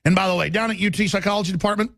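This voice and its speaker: A man hosting a talk radio show, with a raspy voice and an intense, forceful delivery that swings between fast and slow. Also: high-pitched, dry recording. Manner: intense, forceful, shifting pace.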